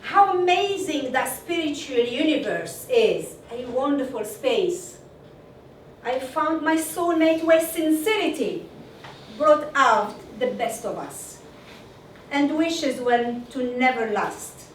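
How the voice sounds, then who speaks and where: A woman reciting a love poem on stage, in a slow and expressive delivery. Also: sits high, slight background noise. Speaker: poet. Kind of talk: spoken word performance. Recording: echoey room from far off.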